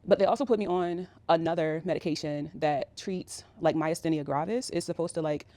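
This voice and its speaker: A woman's voice: low-pitched, brisk, dark tone, dry recording. A woman in her thirties telling a personal story in a casual, rambling way, with many fillers. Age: 30s. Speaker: vlogger.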